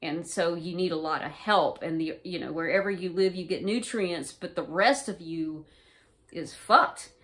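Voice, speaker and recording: Woman vlogger, slightly low pitch, loose and rambling storyteller who swears freely. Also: normal speed, fairly bright tone. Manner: rambling, profane, filler-heavy. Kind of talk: casual first-person recounting.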